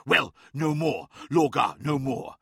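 A hot-tempered barbarian warlord barks his words with a gravelly bite, as a man puts him on for an audiobook. The delivery is loud and angry, and the sound is close and dry. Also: a little high, very animated, takes it slowly, no room sound, heavily acted.

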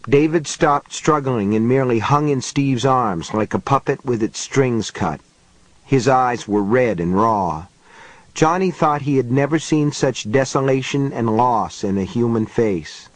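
A male narrator reads a novel aloud in measured, unhurried storytelling. His delivery is slow, and his voice sits at a middle pitch. The recording is dry and close, with no room sound. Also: lively intonation, dry recording, rough recording. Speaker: audiobook narrator. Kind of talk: scripted narration.

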